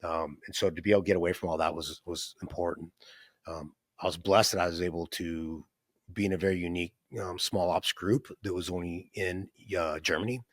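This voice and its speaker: With a low-pitched voice and a steady tone, a man in his fifties speaks briskly in a clean studio recording free of echo. He's an entrepreneur guest recounting his life story, rambling along with many fillers and restarts and tagging sentences with "right?"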